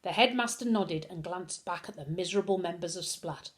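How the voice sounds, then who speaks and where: A woman reading a children's novel aloud with expressive storytelling. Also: on the low side, brisk. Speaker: reader.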